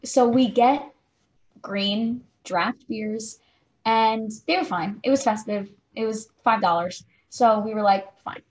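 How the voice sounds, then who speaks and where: A woman's voice: fairly high pitch, slow, low-quality recording. A young woman in her twenties co-hosting a podcast, telling a story casually and saying "like" constantly. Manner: chatty, fills speech with "like". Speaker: podcast co-host.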